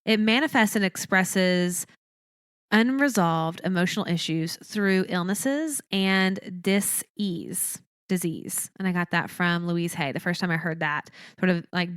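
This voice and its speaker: A woman's voice: fairly low pitch, a bit bright, clean tone, no room sound, studio quality. A woman hosting a podcast alone, talking earnestly in a teaching way and repeating phrases for emphasis. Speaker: podcast host. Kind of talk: reflective solo podcast talk.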